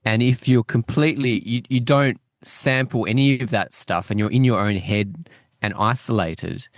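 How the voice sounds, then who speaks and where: A man's voice: medium pitch, moderate pace, no echo, clean studio sound. A man co-hosting a podcast, chatting casually about a TV episode and gushing with enthusiasm. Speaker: podcast co-host. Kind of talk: casual chat reviewing a TV episode.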